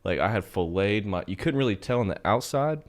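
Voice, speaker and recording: A man's voice: lowish voice, fairly quick. A man co-hosting a podcast, telling a rambling, profane story in casual chat and leaning hard on "like". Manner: profane, rambling, heavy use of "like"; animated when telling stories. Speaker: podcast co-host.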